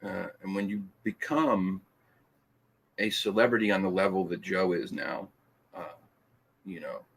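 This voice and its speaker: Husky man laughing through a live show. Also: low-pitched, measured pace, a bit bright. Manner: laughs often, teasing, stumbling restarts. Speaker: podcast host reading live chat. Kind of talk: casual live-stream chat.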